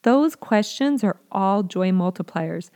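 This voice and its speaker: Woman giving a parenting lesson, earnest and steady, mid-range voice, acts out little parent lines. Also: medium pitch, slow. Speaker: parenting educator. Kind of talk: teaching talk to parents.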